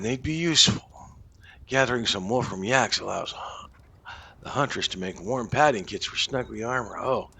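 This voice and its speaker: A man's voice: on the low side, gravelly, bright, forceful tone, husky. A man hosting a casual game playthrough, thinking aloud with fillers and muttered asides. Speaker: gaming channel host. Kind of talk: casual let's-play commentary.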